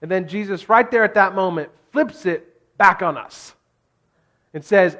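Male pastor, casual and jokey sermon delivery, slightly high pitch. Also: a little slow, bright, forceful tone. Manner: conversational, jokey, rising to emphatic.

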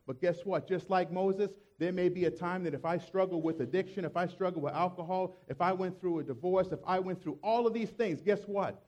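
High-voiced joking preacher, lo-fi. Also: male voice, a little fast, hardly any pauses, a little mellow. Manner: conversational and joking, with emphatic asides. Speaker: pastor. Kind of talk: sermon.

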